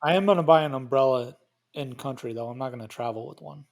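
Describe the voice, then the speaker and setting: A man's voice: mid-range voice, fast talker, creaky. A man on a podcast as a guest in casual chat, laid-back and joking.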